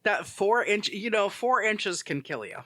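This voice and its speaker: Casual podcast co-host, male, high and bright, rambling storyteller. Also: animated, measured pace, no room sound. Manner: rambling storyteller, heavy use of "like". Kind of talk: casual chat.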